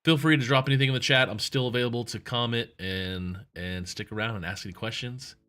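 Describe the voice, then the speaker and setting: Male stream host, rambling and friendly, with a bright, forceful tone at a mid pitch. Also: fairly even intonation, brisk. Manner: rambling, chatty, self-correcting. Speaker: livestream host. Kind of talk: casual livestream talk.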